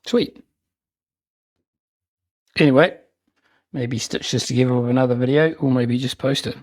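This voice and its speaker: A man's voice: mid-range voice, fairly even intonation, brisk, no room sound. A man hosting his own hobby channel, chatting loosely and enthusiastically as he shows off new miniatures. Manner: chatty, rambling, enthusiastic, self-mocking. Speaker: miniature wargaming channel host. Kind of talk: casual unboxing and hobby chat.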